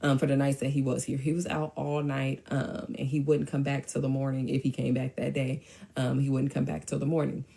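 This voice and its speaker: A woman's voice: very deep voice, little pitch movement, fairly quick, vocal fry, warm tone. A woman telling a personal story in casual storytime fashion, blunt and offhand with slang.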